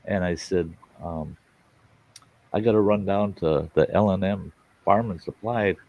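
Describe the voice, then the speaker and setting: Folksy man with a deep gravelly voice. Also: measured pace, a little mellow. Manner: folksy, rambling storyteller who acts out dialogue. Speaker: host of a live storytelling stream. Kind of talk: casual chat with viewers. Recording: dull lo-fi sound.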